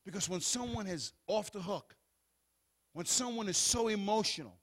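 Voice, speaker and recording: A high-pitched male preacher delivering a sermon. He reads scripture in a steady, measured cadence, then drops to a hushed, soothing voice or rises to loud, fervent calls.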